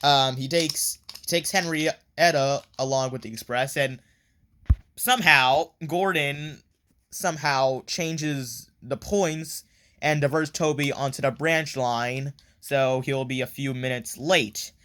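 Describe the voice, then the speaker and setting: A man's voice: medium pitch, steady tone, slow, fairly bright tone, slight background noise. A man casually recapping a story in a rambling review, with many fillers and offhand swearing.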